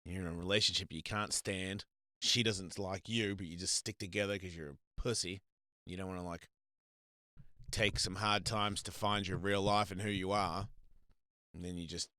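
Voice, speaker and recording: A man's voice: medium pitch, no room sound. A man hosting a casual live stream, telling crude, rambling stories and acting out other people's voices. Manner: crude, rambling storyteller with loud quoted voices. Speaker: host.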